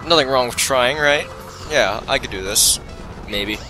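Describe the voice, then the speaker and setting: A man's voice: medium pitch, unhurried, music in the background, poor audio. A man giving live gameplay commentary, talking to himself and poking fun at his own mistakes. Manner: talks to himself, self-mocking and excitable. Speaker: let's play commentator.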